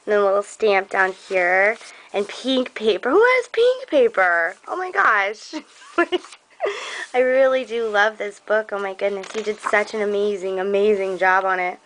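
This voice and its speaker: Slow, gushing young woman crafter. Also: medium pitch, animated, fairly bright tone, poor audio. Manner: gushing and effusive, slow and drawn out. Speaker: crafting vlogger. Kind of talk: casual show-and-tell unboxing.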